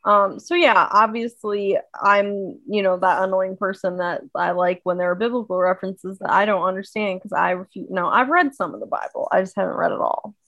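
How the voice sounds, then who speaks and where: A woman in her twenties co-hosting a podcast, chatting quickly with fillers and bursts of laughter. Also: mid-range voice, a bit bright, no room sound, lo-fi sound, close to an everyday voice. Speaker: podcast co-host. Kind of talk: casual chat.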